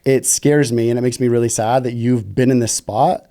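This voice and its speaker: A man with a mellow, dark-toned voice explains coaching concepts calmly. He speaks gently and often checks in with the listener. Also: mid-range voice, moderate pace. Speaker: relationship coach guest.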